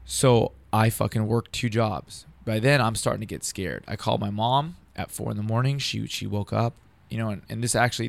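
A man's voice: lowish voice, vocal fry, no room sound. A man telling a long personal story in casual, profane, rambling talk, acting out what others said.

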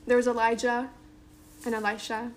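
A woman's voice: a little high, little pitch movement, moderate pace, a little hiss or hum. A woman giving a casual Bible teaching to a small group, reading scripture aloud and then retelling it in everyday talk with lots of "like" and "um". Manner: conversational, lots of "like" and "um"; reads scripture aloud then paraphrases informally.

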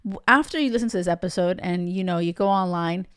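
Blunt, smooth-voiced woman dating coach. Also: on the low side, fast talker, no echo, clean studio sound. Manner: blunt, tough-love coaching with casual swearing. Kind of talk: podcast monologue.

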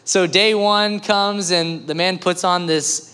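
A man preaching a sermon as pastor, telling a joke with lively voices and then speaking earnestly to the congregation with coaxing questions. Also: high-pitched, measured pace, hardly any pauses. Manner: storytelling, animated voices for jokes.

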